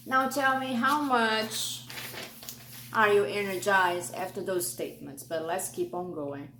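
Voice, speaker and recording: A woman's voice: medium pitch, unhurried, sharp tone, a little hiss or hum. A woman host with a Brazilian accent giving an earnest motivational talk, coaching listeners through a self-check. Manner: earnest, coaching, lists limiting beliefs. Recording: roomy with faint ambience.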